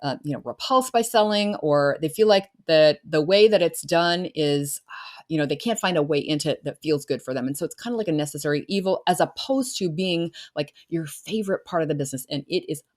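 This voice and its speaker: A woman's voice: low-pitched, brisk. A middle-aged woman coach talking earnestly in a casual solo podcast, now and then acting out her clients' voices. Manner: earnest, warm-hearted, acts out clients' voices. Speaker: business coach and podcast host.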